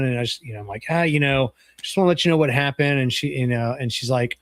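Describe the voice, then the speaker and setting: A man with a mid-range voice co-hosts a relaxed podcast and rambles through his stories in a halting way. The recording is dry and close. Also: mid-range voice, no echo. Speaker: podcast co-host. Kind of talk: casual chat.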